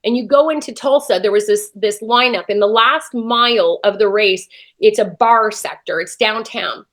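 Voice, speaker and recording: A woman's voice: medium pitch, moderate pace, fairly bright tone. A woman, an interview guest, telling a personal story with feeling and acting out her own past thoughts. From Canada.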